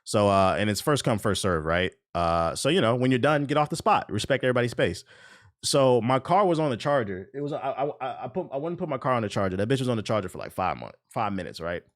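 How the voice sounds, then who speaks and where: A man telling a story in a casual, profane rant, animated and prone to repeating himself. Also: mid-range voice, fast. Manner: animated, profane, repeats phrases, jumps into quoted voices.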